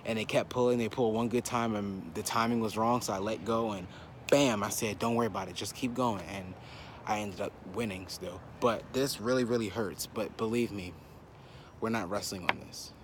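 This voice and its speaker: A man's voice: fairly low pitch, steady tone, fairly quick, background noise. Breathless young man cutting a backyard promo. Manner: boastful, trash-talking. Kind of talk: wrestling promo vlog. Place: outdoors in a backyard.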